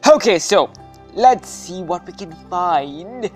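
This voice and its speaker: A man narrating his gameplay at an unhurried pace, voice rising and dipping with lively swings. He is playful and chatty, breaking into cheers and sing-song calls over faint music. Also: sits high. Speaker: gaming video host. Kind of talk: gameplay commentary.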